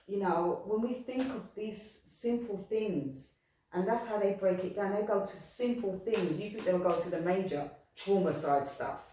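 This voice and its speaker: A woman's voice: medium pitch, moderate pace, mellow. A woman talking earnestly about spirituality, rambling and repeating herself with frequent restarts. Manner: heartfelt, repetitive, rambling with restarts. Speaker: spiritual medium. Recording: echoey room, distant mic.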